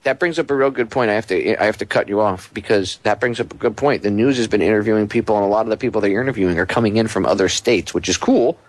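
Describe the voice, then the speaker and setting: A man's voice: fairly low pitch, fast, hardly any pauses. A man guest-hosting a talk radio show, chatty and joking with his caller. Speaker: guest host.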